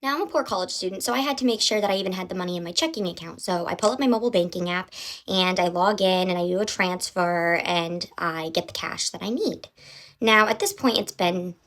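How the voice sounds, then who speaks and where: A young adult woman telling a true story from her life in a casual, animated way. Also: lowish voice, brisk. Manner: animated, dramatic retelling with lots of "like".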